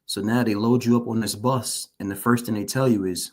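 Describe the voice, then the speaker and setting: Visibly shaken while recounting his past, a formerly incarcerated interview guest offers earnest testimony, repeating phrases to drive them home. His lowish voice is steady and a little mellow, moving a little fast with hardly any pauses.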